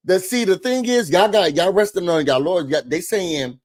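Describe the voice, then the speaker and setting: Animated guy w/ a talking to viewers, dry close mic, bit high for a man. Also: moderate pace, dry recording. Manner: animated, talks straight to viewers, acts out quotes. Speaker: show host. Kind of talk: casual hot-topics commentary.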